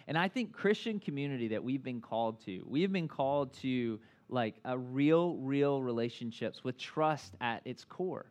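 Chatty man preaching in his thirties. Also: a little high. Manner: conversational, filler-heavy, asks the crowd often; self-deprecating humor. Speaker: pastor. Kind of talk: sermon.

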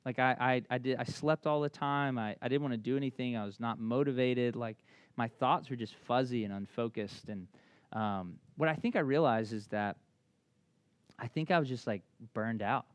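A man preaching from the pulpit in a frank, conversational way, full of restarts and casual asides. He slows and softens for quiet reflection, and his voice sits in a middle pitch. The sound is dry and close, with little room echo. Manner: candid and conversational, with many restarts and "like". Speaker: pastor. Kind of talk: sermon.

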